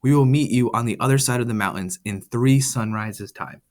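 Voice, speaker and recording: A man's voice: mid-range voice, normal speed, close to an everyday voice. A man reading the lines of a stern male tribal father who gives firm orders to his family in a storybook tale. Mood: grave. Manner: firm, commanding.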